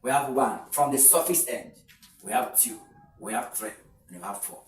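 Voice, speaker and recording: A man's voice: medium pitch, very animated, moderate pace, far from the mic, faint music behind. A man teaching an exam-prep lesson, explaining step by step and counting syllables aloud with fillers and restarts. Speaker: English tutor. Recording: echoey room, voice a little off-mic.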